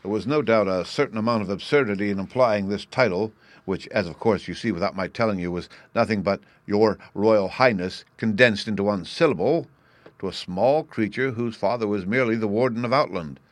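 A man reading a classic novel aloud as narrator, in a measured storytelling manner. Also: lowish voice, no room sound.

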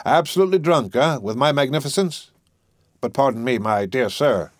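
In a storybook reading, a man voices a flamboyant, theatrical and mercurial wealthy host who swings from mocking laughter to musing cordiality. His mid-range voice is animated and moderately paced, close to an everyday voice, in a dry, clean studio recording.

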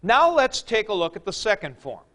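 A man teaching a class, asking questions and answering them himself, often clearing his throat. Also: high voice, very animated, moderate pace, fairly bright tone. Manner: uses sports comparisons and jokes. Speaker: Greek teacher. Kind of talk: classroom lecture.

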